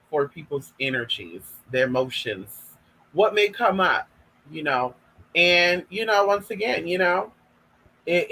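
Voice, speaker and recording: A young man from Northern California spills stories straight to camera in a casual vlog, sassy, profane and forever calling his viewers girl and y'all. His voice sits high and sounds bright and sharp. There is a husky, breathy edge to it. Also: rough recording. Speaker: vlogger. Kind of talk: casual storytelling monologue.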